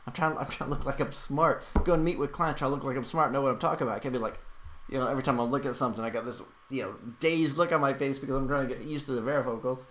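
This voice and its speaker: A man's voice: medium pitch, rapid-fire, fairly bright tone. A man hosting a casual livestream, reading out chat questions and answering them in a rambling way, with lots of fillers and restarts.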